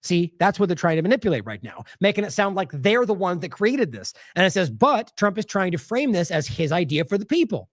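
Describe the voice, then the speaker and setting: A man's voice: high voice, very animated, fairly quick, few pauses, no echo, clean studio sound. A man hosting an independent news show, commenting on clips in a casual, exasperated and sarcastic way with scoffing laughs.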